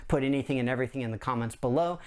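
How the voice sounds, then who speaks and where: A man's voice: medium pitch, very fast, clear, resonant tone. A middle-aged man hosting a board game channel, chatting through a countdown list in an enthusiastic, rambling way. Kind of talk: casual countdown chat to camera.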